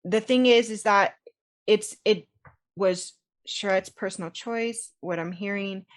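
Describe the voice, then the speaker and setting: A woman's voice: mid-range voice, a little slow. A woman hosting a podcast, talking with her guest in a supportive, thoughtful, affirming way. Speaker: podcast host. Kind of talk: casual interview chat.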